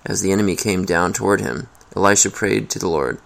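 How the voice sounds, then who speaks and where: A man reading a Bible chapter aloud in a steady, measured way. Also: deep voice, creaky. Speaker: scripture reader.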